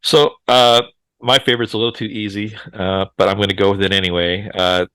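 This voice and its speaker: A male podcast host chatting casually about movies and often breaking into laughter. His voice sits on the low side. The recording is dry and close. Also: little pitch movement, a little fast, sharp tone, clear, resonant tone, no room sound. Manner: laughs often, moderates turns.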